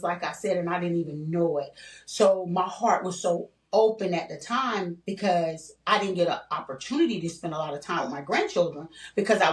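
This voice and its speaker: An older woman telling her personal story in a candid podcast conversation, earnest and repetitive, full of "you know" and "like". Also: fairly low pitch. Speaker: guest sharing her story. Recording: roomy, distant mic.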